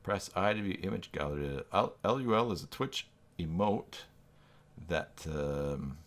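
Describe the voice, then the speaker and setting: Working on a live stream, a low-voiced man talks at a measured pace but in an animated way. He muses aloud, answers viewers' messages, and drops in jokes at his own expense, all in casual chat.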